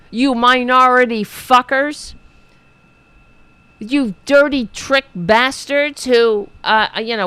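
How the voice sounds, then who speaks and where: A woman's voice: a little high, fairly bright tone, clear, resonant tone, no echo. A woman hosting a political show, ranting in a profane, sarcastic, exasperated way while reading viewers' chat.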